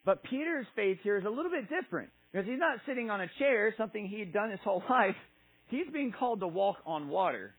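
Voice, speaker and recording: A man with a high, husky voice preaches a casual sermon, reading scripture before retelling it with animated, playful character voices. His delivery is chatty and informal. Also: fast, rough recording.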